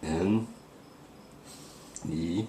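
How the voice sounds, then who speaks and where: A man's voice: low voice, drawn-out words, warm tone, echoey room, slight background noise. A man hosting a spoof paranormal investigation, rambling and faking panic and awe. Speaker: host of a mock paranormal investigation. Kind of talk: comic mock-serious ghost hunting.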